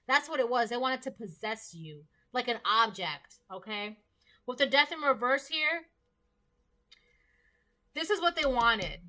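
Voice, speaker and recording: A woman talks her viewers through a tarot reading in a casual, earnest way. Her voice sits a little high and sounds bright and forceful. She keeps repeating points and checks in with "okay?" as she goes. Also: expressive, unhurried, long pauses. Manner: earnest, repetitive, punctuates with "all right?" and "okay?". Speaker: tarot reader.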